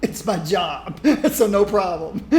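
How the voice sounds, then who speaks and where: A man's voice: sits high, expressive, slow, roomy sound. A man chatting casually while streaming a game, rambling and laughing often. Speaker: gaming streamer. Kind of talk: casual gameplay commentary.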